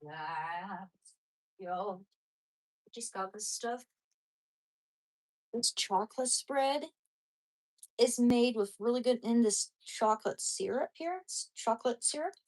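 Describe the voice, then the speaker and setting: A woman's voice: a little high, animated, slow pace, long pauses, a little mellow, no echo. A woman live-streaming from her kitchen at home. She chats casually and rambles with her viewers, often trailing off and restarting, and coos to her dog in baby talk. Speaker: livestreamer chatting with viewers.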